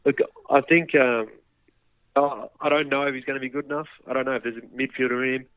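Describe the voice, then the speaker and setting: A man's voice: medium pitch, fairly even intonation, quick pace, smooth, no room sound. A man, a guest football journalist, talking casually on radio with lots of hedging fillers and restarts. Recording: tinny phone line.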